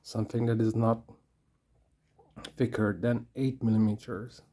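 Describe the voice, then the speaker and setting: Workshop tutorial narrator, unhurried, dark and even, careful step-by-step talker. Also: medium pitch. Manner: slow and careful, talks to self while working. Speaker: craft tutorial maker. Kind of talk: casual hands-on tutorial.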